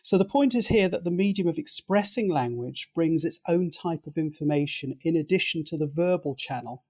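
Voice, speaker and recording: A man's voice: fairly high pitch, animated, moderate pace, a little mellow. A man speaking as an expert guest in an interview, explaining his points in a methodical, lecturing way.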